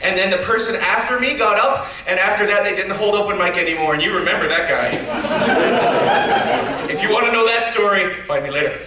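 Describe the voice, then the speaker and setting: A man's voice: sits high, brisk, over a noisy crowd. A man performing live stand-up at a convention, animatedly acting out the people in his story. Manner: animated, acts out other people's lines. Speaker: stand-up comedian. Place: convention panel room with a live audience. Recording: echoey room, distant mic, audience noise.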